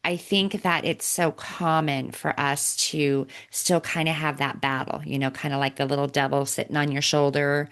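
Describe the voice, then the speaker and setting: A woman's voice: low voice, level tone, moderate pace, hardly any pauses, a bit bright, clear, resonant tone. A woman hosting a podcast interview, reflecting on the guest's story and often checking in with "right?". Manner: reflective, affirming with frequent "right?". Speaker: podcast host. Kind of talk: casual interview chat.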